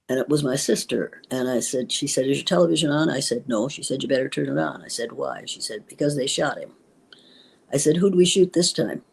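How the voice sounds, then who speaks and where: A woman's voice: rumbling low, vocal fry, darkish tone, husky, low-quality recording. An older woman, a retired schoolteacher, telling her story in an interview with emphatic, indignant feeling and acting out the dialogue she recalls. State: tearful at times. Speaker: interview guest, former schoolteacher.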